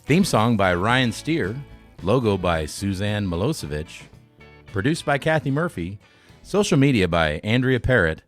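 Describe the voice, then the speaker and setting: A man's voice: fairly low pitch, very animated, measured pace. A man reading a scripted podcast outro in an upbeat announcing manner. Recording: dry mic with faint music behind.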